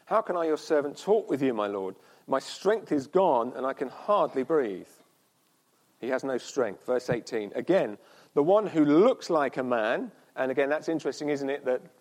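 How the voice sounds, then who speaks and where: A man preaching a sermon at a church service, earnest, with pauses and slow, emphatic repeats. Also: mid-range voice.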